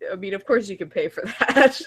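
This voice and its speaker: A podcast co-host on a livestreamed talk show trades crude, casual banter, laughing often between lines and swearing freely. Her mid-range voice is expressive and brisk, with a breathy edge.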